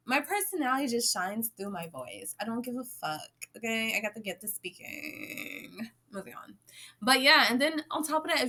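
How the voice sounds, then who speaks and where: A young woman talks straight to her viewers in a loose, animated monologue, swearing freely and breaking into laughter. Her voice sits a little high and rings bright and forward. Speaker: vlogger. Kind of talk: casual monologue to camera.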